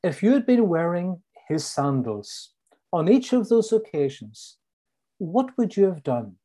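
A middle-aged man from Northern Ireland with a Northern Irish accent, preaching a sermon and slowly repeating his key lines for emphasis. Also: sits high, dark tone, slightly rough.

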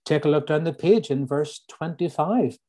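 The voice is fairly high and darkly colored, belonging to a middle-aged man from Northern Ireland with a Northern Irish accent. He is preaching, slowly restating his central lines for emphasis.

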